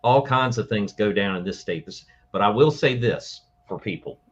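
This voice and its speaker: A Southern US man from northeast Florida talks in a low, easygoing voice, rambling through his stories and restarting his sentences. His call sounds muffled and lo-fi, with the top end dulled. The style is casual chat. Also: moderate pace. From Jacksonville, Florida, USA. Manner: chatty, storytelling, many restarts.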